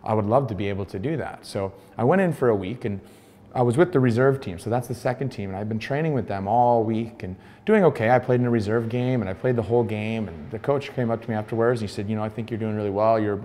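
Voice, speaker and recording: A man's voice: lowish voice, fast. American former soccer player telling his story. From United States. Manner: animated retelling, acts out quoted dialogue. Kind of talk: storytelling interview.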